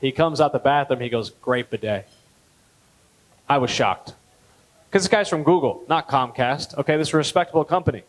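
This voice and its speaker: A man in his thirties doing a stand-up comedy set at a gala, telling stories deadpan and jumping up in pitch on punchlines. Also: fast, rough recording. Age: 30s. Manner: deadpan storytelling, with lively jumps in pitch on punchlines. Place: gala event hall.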